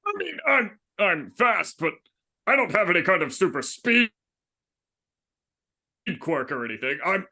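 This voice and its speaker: Brief: man playing a hearty muscle-bound hero, big theatrical delivery, lively pitch swings. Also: a little slow, long pauses, full character voice. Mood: proud. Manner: booming, theatrical. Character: mighty muscular male superhero, cheerful.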